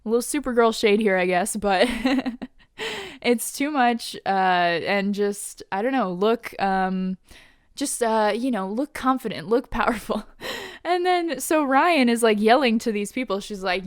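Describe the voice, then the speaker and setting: Woman, podcast host, casual recap, laughs a lot, smooth, mid pitch. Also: dry recording, clean studio sound. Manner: giggly, laughs often while retelling scenes; quotes characters in quick paraphrase.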